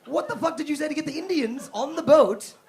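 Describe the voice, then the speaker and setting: A young male stand-up comic with a high, light voice works a comedy club stage, moving from casual setup into lively put-on voices as he tells his stories. A faint hum sits under his mic. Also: a little fast, creaky. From South Africa. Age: young adult. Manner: animated storytelling, breaks into mock voices.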